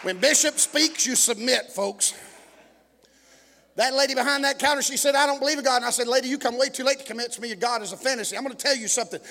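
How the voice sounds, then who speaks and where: A man from Texas, a pastor preaching a sermon and telling stories, swinging between shouting and quiet murmuring. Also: very high voice, quick pace, some chatter behind. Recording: long echoing hall reverb.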